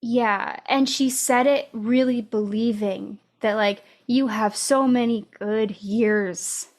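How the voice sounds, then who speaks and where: A woman podcast host casually retelling a book's plot, with many fillers and pauses. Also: fairly high pitch, steady tone. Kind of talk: casual book discussion.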